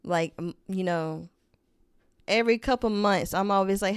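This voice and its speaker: A woman's voice: mid-range voice, animated, normal speed, smooth, no echo, clean studio sound. A young woman co-hosting a casual podcast, talking hesitantly about a one-sided friendship, often trailing off and restarting. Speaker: podcast co-host. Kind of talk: casual advice chat.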